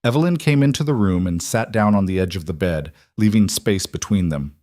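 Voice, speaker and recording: A man narrating a western audiobook in an even, measured storytelling style. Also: low voice, no echo, studio quality.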